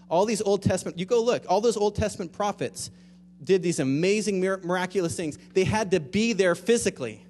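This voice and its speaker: A man preaching a sermon in a conversational way, moving between quiet, reflective stretches and louder, emphatic ones. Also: high voice, brisk, long reverb tail, a little hiss or hum. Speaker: pastor.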